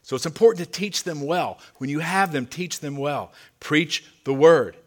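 A man preaching a sermon to his congregation as their pastor, earnest and emphatic, dropping to quieter asides. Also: on the high side, normal speed. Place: church sanctuary.

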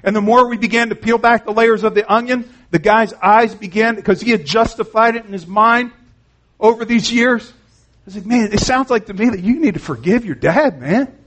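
A man's voice: high voice, normal speed, fairly bright tone. A man preaching an earnest, conversational sermon, retelling conversations and often saying "man". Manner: frequent "man" and restarts.

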